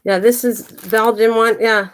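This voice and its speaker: A woman's voice: on the high side, fairly even intonation, measured pace, smooth. An older woman hosting her own channel, chatting casually to the camera and talking to her pets as she goes. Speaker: craft and garden channel host.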